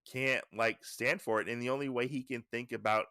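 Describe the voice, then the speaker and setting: A man hosts a podcast, walking through a comic in a loose, rambling way full of restarts and "you know," lifting his tone to paraphrase the characters. His medium-pitched voice is steady, pushed and bright, clear and resonant, at a normal speed. The recording is dry and studio-clean.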